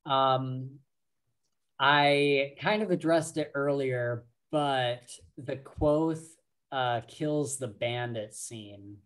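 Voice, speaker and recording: A man co-hosting a podcast, slowly and casually retelling book scenes with lots of fillers and restarts. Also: mid-range voice, a bit bright. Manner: slow, rambling retelling full of fillers. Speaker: podcast co-host.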